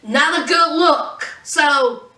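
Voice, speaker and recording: Sassy woman gossiping, high bright voice, kinda far from the mic in an echoey room. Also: slow pace. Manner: chatty, sassy, says "honey". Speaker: vlogger. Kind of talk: casual pop-culture commentary. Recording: roomy echo, distant mic.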